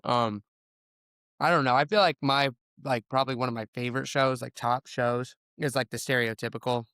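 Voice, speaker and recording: Regular-pitched guy chatting loose, laughs a lot, dry close mic. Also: steady tone, moderate pace, fairly bright tone, clear, resonant tone, no room sound. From Indiana, USA. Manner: laughs often, easygoing rambling. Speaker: former teacher as guest. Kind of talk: casual chat.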